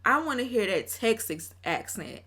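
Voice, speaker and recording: A woman's voice: on the high side, very animated, normal speed, fairly bright tone, husky. A woman vlogger talking through her casual commentary in a chatty, opinionated way, often breaking into laughs.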